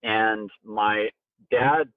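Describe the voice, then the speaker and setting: A man being interviewed as a company co-founder, telling a personal story animatedly and jumping up in pitch for emphasis. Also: fairly even intonation, drawn-out words, dry recording. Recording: tinny phone-like sound, very dry.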